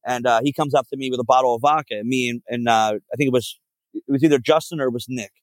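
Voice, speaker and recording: A man's voice: mid-range voice, steady tone, quick pace, no echo. A man guest on a podcast telling a long road story, rambling and profane with lots of fillers. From Philadelphia area. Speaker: podcast guest, band frontman. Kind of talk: casual storytelling.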